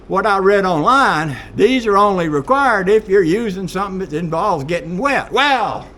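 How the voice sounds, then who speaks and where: A man's voice: high voice, sharp tone. A man ranting in a folksy, exasperated monologue straight to camera. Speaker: vlogger.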